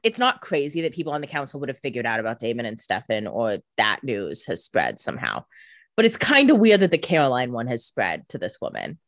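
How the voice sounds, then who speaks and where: A woman's voice: extremely low pitch, sing-song, a little fast, no room sound, studio quality. A woman co-hosting a casual recap chat, giving wry, exasperated commentary. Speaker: podcast co-host.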